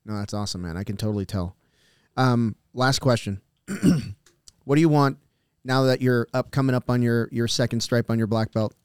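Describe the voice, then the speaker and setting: A man's voice: mid-range voice, moderate pace, a little mellow, clear, resonant tone, no room sound, studio quality. A man hosting a casual podcast interview, asking questions hesitantly while searching for words. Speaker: podcast host.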